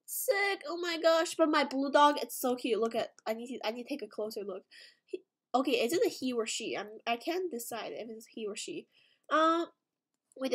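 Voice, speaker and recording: A woman giving excitable gameplay commentary, gasping often and repeating exclamations of delight. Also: high voice. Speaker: gaming video creator.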